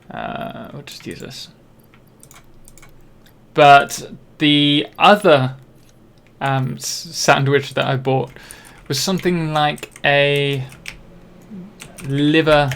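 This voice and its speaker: A man's voice: on the high side, vocal fry, a bit bright, a little hiss or hum. A young man from Britain chatting casually on a live game stream, rambling and self-deprecating, with many ums and restarts. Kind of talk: casual live-stream chat while playing.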